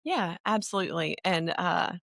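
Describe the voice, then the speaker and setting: A woman's voice: lowish voice, expressive, moderate pace, creaky, fairly bright tone, no room sound, studio quality. A middle-aged woman with a Southern American accent, a podcast guest talking frankly in casual conversation.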